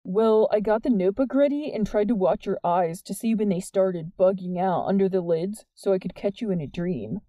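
An earnest, wordy teenage boy speaking softly and sincerely, read by a woman. The tone is very dark and mellow, with no hint of brightness. It sounds close and dry, like a storybook reading. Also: mid-range voice, moderate pace, hardly any pauses, no echo, close to an everyday voice. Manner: soft, plain and sincere.

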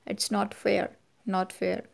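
A woman's voice: mid-range voice, completely flat delivery, takes it slowly, gravelly. Woman reading a trembling young governess. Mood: distressed. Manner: trembling, pleading.

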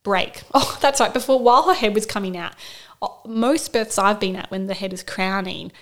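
A woman's voice: mid-range voice, moderate pace, fairly bright tone. A woman in her thirties, a podcast co-host, candidly telling her birth story in casual chat and quoting herself with bursts of emotion.

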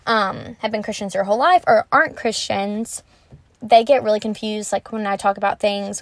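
A woman's voice: medium pitch, no room sound. A young woman talking casually and earnestly about her Christian faith, chatty, with many fillers like "um" and "like". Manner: animated when retelling conversations. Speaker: Christian vlogger. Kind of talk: casual faith talk to camera.

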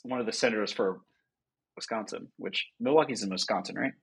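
A man's voice: fairly low pitch, brisk, vocal fry, husky. A man co-hosting a podcast in casual chat, jokey and teasing, laughing easily. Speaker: podcast co-host.

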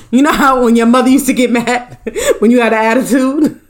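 A woman's voice: on the high side, brisk. A young woman hosting a podcast, chatting casually with live viewers, joking and swearing and laughing often. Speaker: podcast host.

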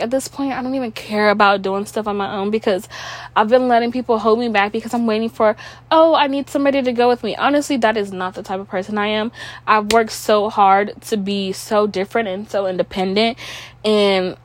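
A young woman with a stuffy nose hosts her own podcast, speaking briskly in a medium-pitched, fairly even voice. She rambles through casual chat full of "like" and swearing.

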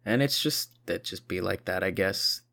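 A man's voice: sits low, normal speed, gravelly, bright, forceful tone. A tired man rambling profanely through a casual video monologue, short on sleep. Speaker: vlogger.

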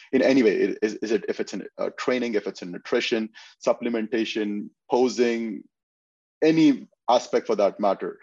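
Low-voiced earnest coach on a dull, dry mic. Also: male voice, a little mellow. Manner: earnest, measured, explains step by step. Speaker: fitness posing coach. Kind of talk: casual interview talk.

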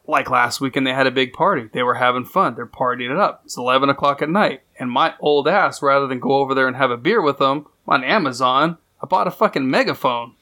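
A man's voice: medium pitch, a little fast, hardly any pauses, bright, forceful tone. A man in casual chat, blunt, profane and self-mocking as he complains.

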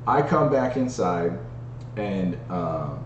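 A man candidly telling a personal story in casual podcast chat, animated and full of restarts. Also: deep voice, slow pace, reverberant, far from the mic, muffled recording, slight background noise. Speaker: podcast co-host.

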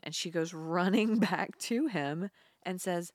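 On a casual film recap podcast, a woman co-host retells a movie's plot, laughing and swearing casually. Her lowish voice is a little slow with fairly even intonation, recorded at studio quality with no room sound.

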